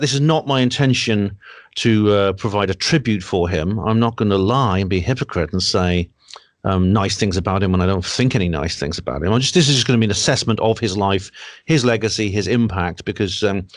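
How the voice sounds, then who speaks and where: A man's voice: lowish voice, animated, brisk, dry recording. Chatty man on a dry video call. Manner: chatty, restarts, explains at length. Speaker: guest researcher. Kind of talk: online panel chat. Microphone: home computer mic on a video call.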